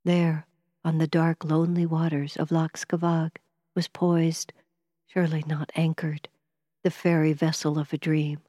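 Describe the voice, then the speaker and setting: Woman reading a ghost story, low voice, dry close mic. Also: dry recording. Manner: measured, expressive reading. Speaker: narrator. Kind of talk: storybook narration.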